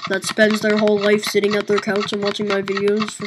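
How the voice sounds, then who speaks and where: A woman gaming YouTuber giving casual gameplay commentary, excitable, swinging from low mumbling to loud outbursts. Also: brisk. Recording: loud background noise.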